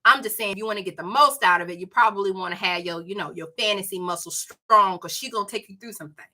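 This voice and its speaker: A woman with a Southern accent reviewing books in a casual, animated chat, addressing viewers as y'all. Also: medium pitch, fast. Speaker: book reviewer.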